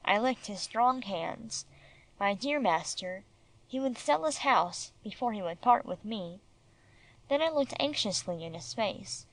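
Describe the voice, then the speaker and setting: A woman reading a children's classic as an audiobook narrator in measured storytelling. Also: medium pitch, lively intonation, fairly bright tone, no room sound, low-quality recording. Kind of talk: scripted narration.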